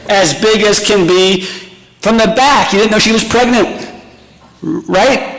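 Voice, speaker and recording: A middle-aged male pastor tells stories at his retirement party, poking fun at himself before turning tender. His voice sits a little high. The sound rings out with a long hall reverb. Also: measured pace, fairly bright tone. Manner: storytelling, self-mocking humor turning tender.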